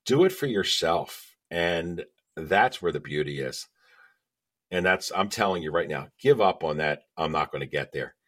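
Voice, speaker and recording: Deep-voiced man, emphatic storyteller. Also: animated, a little slow, a bit bright. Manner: emphatic storyteller, checks in with "okay?". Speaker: podcast guest. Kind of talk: casual interview chat.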